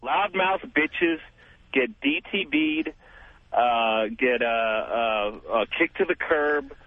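A male radio caller from Los Angeles with a mid-pitched voice, heard over a tinny phone line. He talks bluntly and rambles, stumbling through fillers and restarts. The sound is dry and narrow. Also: lively intonation, slow, no room sound. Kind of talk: call-in talk radio. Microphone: telephone.

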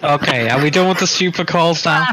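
A man's voice: a little high, fairly quick. A man in casual banter about prank calls, sounding exasperated and dismissive. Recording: loud background noise.

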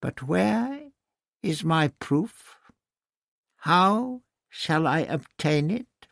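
A man voicing a menacing, scheming male high priest who growls and snaps his words. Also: big pitch swings, drawn-out words, creaky, a bit bright, no echo, clean studio sound, full character voice. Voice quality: growling, snapping. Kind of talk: audiobook character reading.

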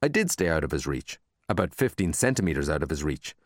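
A man narrating a children's story in an expressive, animated reading. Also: very deep voice, brisk, no room sound, clean studio sound. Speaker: audiobook narrator.

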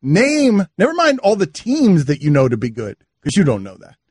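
A man hosting a sports radio show, talking casually in an animated, mock-exasperated way from a studio. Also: high-pitched, normal speed, slightly rough, no room sound. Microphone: studio mic.

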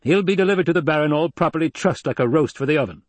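A man putting on a brutal soldier, sneering, curt, raised pitch, husky edge, dry audiobook sound. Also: expressive, racing, no room sound. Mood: curt, commanding. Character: brutal, poised male Sardaukar officer. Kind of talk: audiobook narration.

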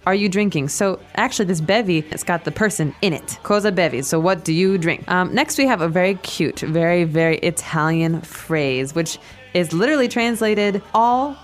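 A woman hosting a language lesson podcast, explaining phrases slowly and repeating them. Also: fairly low pitch, animated, faint music behind.

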